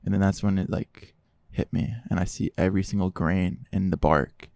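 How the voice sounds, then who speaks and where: A man speaking as a podcast guest, telling his testimony in a casual, animated way and quoting others in dialogue. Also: low voice, moderate pace, gravelly, no room sound, studio quality.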